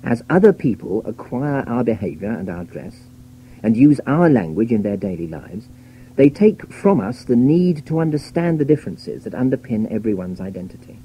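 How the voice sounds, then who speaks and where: A British man reading a scripted radio talk in a measured, wry, lecturing way, on an old broadcast recording. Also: mid-range voice, big pitch swings, dark tone, a little hiss or hum, poor audio. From Britain. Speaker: radio essayist. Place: radio studio.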